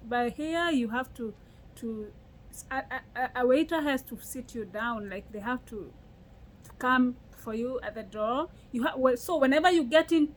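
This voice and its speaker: Young Kenyan woman, casual vlog chat, lively storyteller, slightly high. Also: normal speed, slight background noise, rough recording. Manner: animated storytelling with frequent laughs and restarts. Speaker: vlogger.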